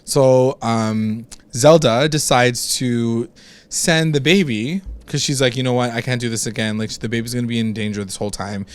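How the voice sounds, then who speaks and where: A man co-hosting a casual recap podcast, with a mid-range voice of ordinary pitch. He talks in a loose, sarcastic way, filling his sentences with "like" and quick laughs. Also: clear, resonant tone. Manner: chatty, sarcastic, lots of "like" and laughter. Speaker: podcast co-host.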